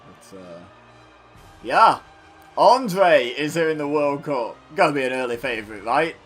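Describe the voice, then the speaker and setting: A man's voice: a little high, very animated, unhurried, a bit bright, soft background music. A man doing casual, self-mocking commentary over a wrestling video game, joking as he calls the action. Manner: chatty and self-mocking, riffing between play-by-play calls. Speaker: gaming channel host.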